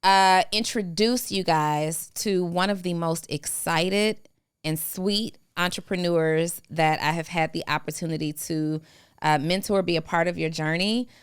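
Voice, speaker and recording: Woman, podcast host, casual and upbeat, lots of ums, smooth tone, dry studio mic. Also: fairly low pitch, measured pace, no room sound. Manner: bubbly, laughs often, many fillers. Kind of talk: casual interview chat. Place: studio set.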